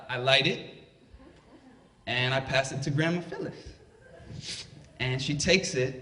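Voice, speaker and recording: A man's voice: a little high, a bit bright. A young man telling a funny personal story on a live stage, conversational and playful, with chatty asides to the audience. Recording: roomy live hall.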